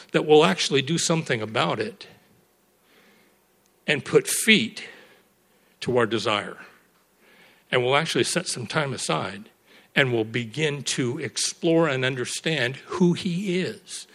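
A middle-aged male pastor preaching with a fairly high-set voice. He moves from quiet, earnest lines to loud, lifted exclamations as he drives his point home. He then closes the sermon in prayer. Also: lively intonation, a little slow.

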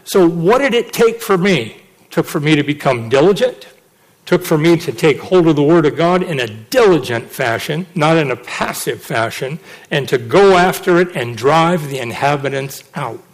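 A man's voice: fairly high pitch, normal speed. A middle-aged man preaching a sermon, telling a personal testimony and acting out the people he quotes. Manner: animated storytelling, acts out quotes.

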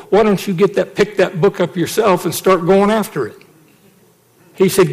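A middle-aged man preaching a sermon, telling a personal testimony and acting out the people he quotes. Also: high voice. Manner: animated storytelling, acts out quotes.

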